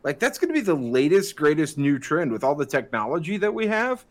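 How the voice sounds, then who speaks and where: A man with a slightly high voice riffs on ideas in casual podcast chat, full of enthusiasm and filler words like "dude." His delivery is loose and conversational. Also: very animated, a little fast. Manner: riffing enthusiastically, fillers like 'dude' and 'like'. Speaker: podcast co-host.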